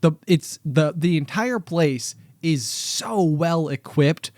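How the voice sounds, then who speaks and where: In a casual podcast chat, a thirties-aged male co-host rambles along, full of fillers and false starts. He talks slowly in an expressive, slightly mellow voice on the higher side. Audio is dry and studio quality.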